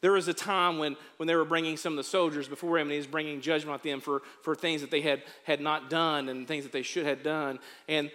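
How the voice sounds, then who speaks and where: A man preaching as a pastor, moving from quiet storytelling to rising exhortation. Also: a little high, fairly even intonation, a little fast, hardly any pauses, long reverb tail. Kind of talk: sermon.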